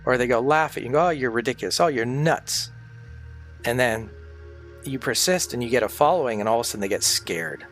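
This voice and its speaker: A man's voice: mid-range voice, animated, fast talker, a bit bright, soft background music. A man chatting casually on a livestream, rambling and swearing freely, sounding tired and sick.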